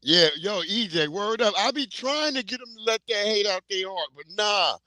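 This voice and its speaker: A man's voice: sits high, expressive, normal speed, sharp tone, no echo. A middle-aged man hosting a casual livestream, rambling through comic stories with lots of swearing and laughter. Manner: rambling comic storytelling, profane, laughing often. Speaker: livestream host.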